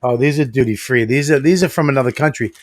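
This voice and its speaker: A man co-hosts a podcast, spinning boisterous stories laced with swearing. His voice sits at a middle pitch. The sound is dry and close, with no room echo. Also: fast talker. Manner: profane, boisterous storyteller. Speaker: podcast co-host. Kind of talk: casual chat.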